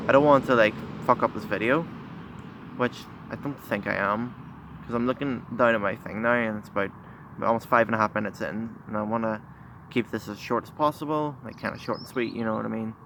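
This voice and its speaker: A teenage boy talking candidly to his phone camera outside, shy and halting, full of pauses and restarts. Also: on the low side. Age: teens. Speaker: vlogger. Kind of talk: candid confessional vlog. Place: outdoors by a busy road. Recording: phone recording with loud traffic noise. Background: passing cars.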